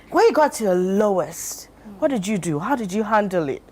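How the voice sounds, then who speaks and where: Ghanaian woman, talk show host, lively swooping voice, playful studio banter. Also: on the high side, fairly quick. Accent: Ghanaian English. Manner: playful, acts out quotes with laughter.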